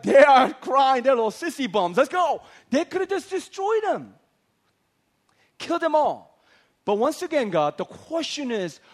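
Male pastor, lively comic sermon, high voice with big swoops, acts out the characters. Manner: animated, acts out voices of biblical figures.

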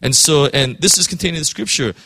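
A man preaching a sermon in a halting way, often repeating words and restarting. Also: a little high, gravelly, pushed and bright, slightly rough. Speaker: pastor.

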